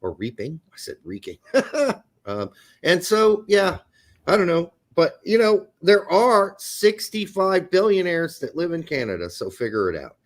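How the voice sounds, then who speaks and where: A man's voice: high-pitched, very animated, measured pace. A man co-hosting a casual soccer podcast, ranting with plenty of profanity. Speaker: podcast co-host. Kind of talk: casual sports chat.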